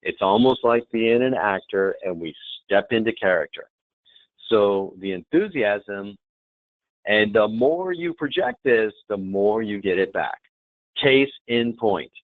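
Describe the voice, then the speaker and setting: A man presenting a hospitality training webinar, demonstrative and lively, often checking in with the audience. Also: fairly low pitch, takes it slowly, dry recording. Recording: tinny phone-like webinar audio.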